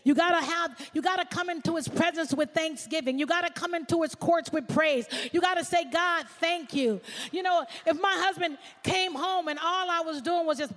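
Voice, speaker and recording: High-voiced preaching woman pastor. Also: normal speed, few pauses, in a large hall. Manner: animated preaching, swings from shouting to hushed. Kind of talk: sermon.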